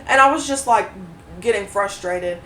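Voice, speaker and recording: A woman co-hosting a podcast, telling a story in a casual, animated way, swearing freely and acting out what others said. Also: mid-range voice, moderate pace. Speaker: podcast co-host. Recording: roomy echo, mic at a distance, faint noise.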